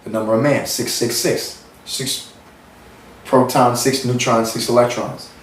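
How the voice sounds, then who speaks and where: A man of middle pitch, from the United States, talking in a meandering, earnest spiritual monologue. He repeats himself and circles back. The sound is roomy and picked up from some distance. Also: steady tone, unhurried, slight background noise. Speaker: spiritual channel host.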